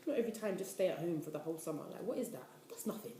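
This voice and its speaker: A woman in her twenties from the UK, a university student giving casual life advice in an animated, chatty way. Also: fairly low pitch, very fast. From United Kingdom. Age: 20s. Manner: chatty, animated, preachy asides. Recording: echoey room, faint noise.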